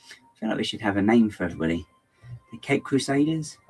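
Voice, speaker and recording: A man's voice: on the low side, sing-song, quick pace, breathy edge, soft background music. A man chatting casually on a livestream while building, rambling and muttering to himself with playful asides, his throat bothering him. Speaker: LEGO builder livestreaming to chat.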